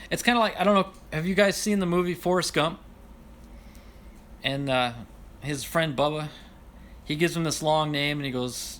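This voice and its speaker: A man's voice: on the high side, normal speed, pauses often, fairly bright tone, a little hiss or hum. A man hosting a casual livestream and reading viewer comments aloud, apologetic and self-deprecating, laughing often as he stumbles over names. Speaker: livestream host.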